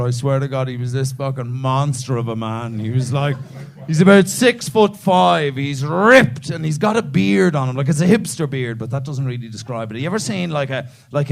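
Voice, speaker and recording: Stand-up comic, man, gravelly and a touch high, sweary, ribbing the crowd. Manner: swearing, animated, teasing an audience member. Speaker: stand-up comedian. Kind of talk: stand-up comedy crowd work. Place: comedy club stage.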